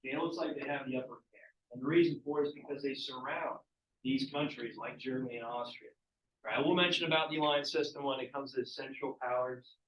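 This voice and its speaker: A man's voice: medium pitch, steady tone, fairly quick. A male teacher giving a casual history lecture to a class, asking students questions as he goes. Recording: echoey, distant, muffled classroom recording.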